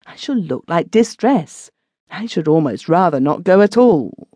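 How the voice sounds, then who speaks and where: Woman reading a fretful young wife, pleading, voice jumping up high, mellow dry sound. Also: sing-song, measured pace, no echo. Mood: discontented. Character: discontented young wife, proud and anxious.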